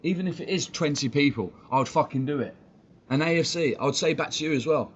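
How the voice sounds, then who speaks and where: During live-stream commentary, a fan channel host rants heatedly and quickly, with plenty of swearing. His voice is on the high side and slightly rough, and the stream audio is dull, lo-fi, and faintly noisy.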